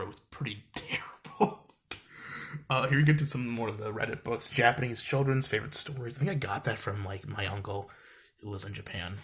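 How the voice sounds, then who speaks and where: A man's voice: medium pitch, fairly bright tone, husky. A young man chatting casually at home, rambling with lots of fillers and wry asides. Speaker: vlogger showing his book collection. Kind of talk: casual chat. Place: home room with bookshelves.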